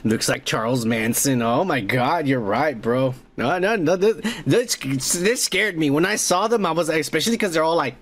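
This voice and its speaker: A middle-aged man hosting a podcast, reading viewer comments in a profane, joking way and loudly toasting viewers. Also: on the high side, expressive, moderate pace, few pauses. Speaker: podcast host. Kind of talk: casual comment-reading chat.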